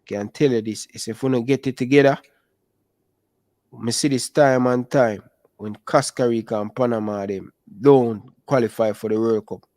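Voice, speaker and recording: Young man, Jamaican accent, animated patois chat, dry close sound. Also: medium pitch, normal speed, dry recording. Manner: animated, speaks Jamaican patois and calls listeners brother. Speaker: football channel host. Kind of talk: casual chat.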